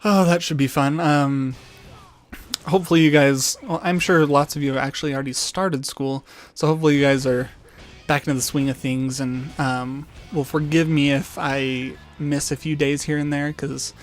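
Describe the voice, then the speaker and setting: Casting: young guy hosting his channel, relaxed rambling storyteller, faint music bed. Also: fairly high pitch, moderate pace. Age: young adult. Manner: rambling, many ums and restarts. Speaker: gaming channel host. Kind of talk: casual storytelling vlog.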